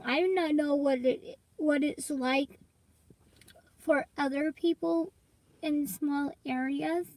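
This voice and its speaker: A woman's voice: high voice, a little mellow, no room sound, low-quality recording. A young woman vlogging in casual, rambling chat to her viewers, coughing and congested from allergies. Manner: rambling, chatty, addresses viewers as y'all.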